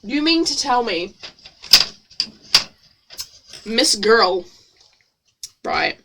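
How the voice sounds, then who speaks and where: A woman's voice: fairly high pitch, very animated, extremely slow, background noise. A woman streamer reading her own old novel aloud with sarcastic, self-mocking commentary.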